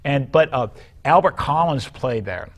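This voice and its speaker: An older man, a musician rambling through animated stories in casual chat and acting out the people he quotes. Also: mid-range voice, measured pace. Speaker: guest musician.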